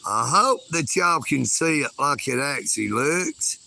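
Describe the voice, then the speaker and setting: A man's voice: medium pitch, animated, measured pace, gravelly, sharp tone, a little hiss or hum. A man, chatting casually and folksily on a livestream outdoors at night. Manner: folksy, calls himself a hillbilly. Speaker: livestream host.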